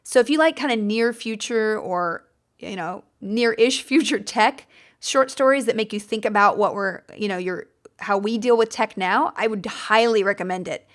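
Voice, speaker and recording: An American woman hosts a podcast about book recommendations, chatting casually and enthusiastically. She rambles a little, using fillers and correcting herself as she goes, in a mid-range voice at a moderate pace.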